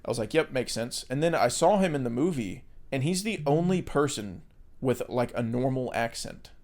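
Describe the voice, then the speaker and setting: A man's voice: mid-range voice, lively intonation, normal speed, darkish tone. Rambling American man on a podcast. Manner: rambling, swears casually, many fillers. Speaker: podcast co-host. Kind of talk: casual chat.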